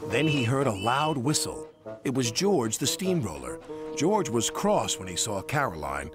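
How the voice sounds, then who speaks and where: A man reading a storybook tale aloud as narrator, with expressive delivery. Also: mid-range voice, normal speed, over music.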